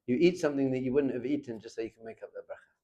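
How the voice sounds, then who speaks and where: A man teaching a lively Torah class in a classroom. He acts out little scenes and chuckles often as he talks. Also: mid-range voice, rapid-fire, lo-fi sound.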